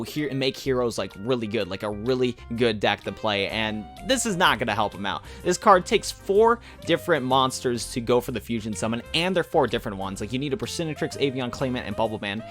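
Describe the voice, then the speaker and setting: A YouTube gaming channel host rattles off fast, casual commentary on a mobile card game, rambling along with plenty of fillers. His mid-range voice has a fairly bright tone, and he sounds slightly out of breath, even saying he's running out of breath.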